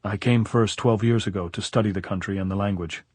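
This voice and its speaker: A man reading a calm, measured foreign professor. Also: lowish voice, breathy edge, dry recording. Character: calm, plain-spoken foreign male professor.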